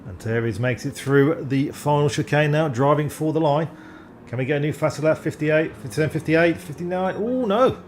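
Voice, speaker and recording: A man giving live sim racing commentary, excitable and self-deprecating, often stumbling over driver names. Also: on the high side, brisk, slight background noise.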